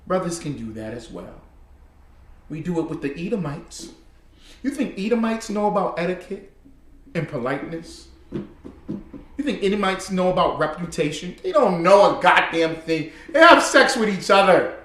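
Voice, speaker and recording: A man's voice: high-pitched, a bit bright, echoey room. A man giving heated, casual commentary. He repeats himself and talks straight to his listeners.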